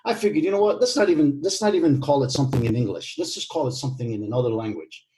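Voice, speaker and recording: A man's voice: medium pitch, animated, rapid-fire, mellow. A man co-hosting a casual podcast, talking in a playful, teasing way with lots of fillers. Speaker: podcast co-host.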